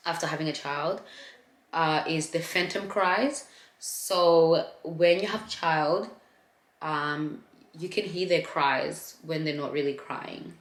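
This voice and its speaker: Low-voiced young woman chatting candidly. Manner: chatty and candid, addresses viewers as guys. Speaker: vlogger sharing her postpartum story. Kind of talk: casual chat to camera. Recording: echoey room.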